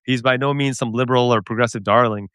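A man's voice: medium pitch, steady tone, fast, fairly bright tone, clear, resonant tone, dry recording, studio quality. A man hosting a political talk show, speaking emphatically and with indignation. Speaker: podcast host. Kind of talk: political discussion.

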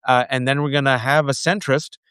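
A man's voice: medium pitch, fairly even intonation, a little fast, a bit bright, clean tone, no echo. A man on a talk show, ranting with heated sarcasm and slipping into mocking put-on voices. His voice sits in the middle range, recorded close and dry with no room sound. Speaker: political commentator guest. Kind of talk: heated political rant.

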